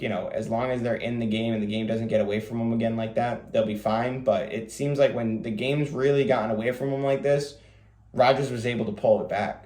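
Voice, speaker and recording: A man hosting a fantasy football show, talking quickly in a casual, rambling way with lots of fillers. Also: medium pitch, darkish tone, reverberant. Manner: rapid, rambling delivery with many fillers. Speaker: fantasy football podcast host. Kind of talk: casual solo commentary.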